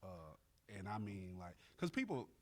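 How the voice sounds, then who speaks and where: A man interviewing in a casual, slangy podcast conversation, full of quick affirmations. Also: on the low side, big pitch swings.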